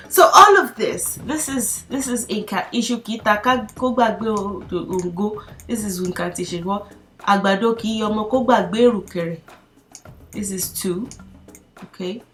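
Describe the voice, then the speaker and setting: A woman's voice: mid-range voice, a bit bright. Chatty woman teaching a language, faint music. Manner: chatty, laughs often, hesitant with fillers. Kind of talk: casual video lesson reading and explaining text.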